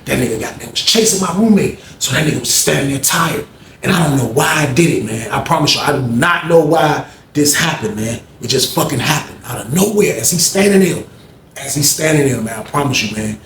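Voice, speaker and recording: Acting out the scene as he narrates, a man shares a profane story with lively intonation and a slightly quick pace. His voice is on the high side and a bit bright, recorded in an echoey room with faint background noise.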